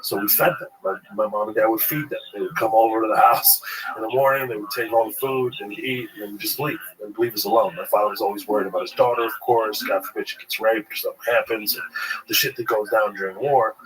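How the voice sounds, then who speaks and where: A man in casual interview talk, telling his life story as a stand-up comedian, animated and profane, originally from Kuwait. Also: fast, low-quality recording. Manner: animated storyteller, jumps high when acting out his younger self. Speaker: guest comedian.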